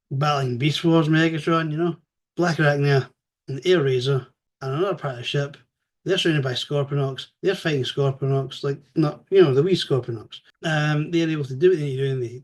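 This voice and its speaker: A man giving a casual spoken review, animated and chatty, swearing freely as he retells the story. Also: mid-range voice.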